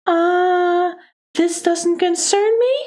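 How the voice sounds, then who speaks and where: A woman's voice: very high-pitched, fairly even intonation, extremely slow, darkish tone, pitched above the performer's own voice, heavily acted. A woman voicing a composed, haughty society lady in a prim, arrogant manner.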